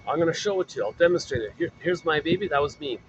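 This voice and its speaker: Guy voicing a bitter mom yelling at the world, high pitched, loud car noise behind. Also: expressive, very fast, close to an everyday voice, rough recording. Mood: accusing. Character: bitter young mother shouting at the world.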